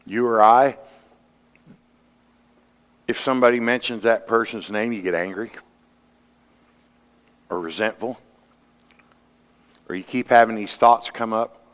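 A man preaching a sermon, earnest, climbing to emphatic peaks and then dropping low. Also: fairly even intonation, a little slow, long pauses, smooth. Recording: long hall reverb.

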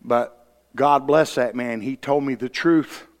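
A man preaching a sermon full of personal stories, blunt and folksy, rising to loud emphasis. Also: mid-range voice, steady tone, slow. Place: church sanctuary. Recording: long hall reverb.

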